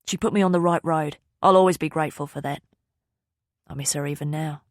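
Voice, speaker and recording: Nervous middle-aged man, low and subdued, voiced by a female narrator, dry close audio. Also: steady tone, a little fast, no room sound, natural voice.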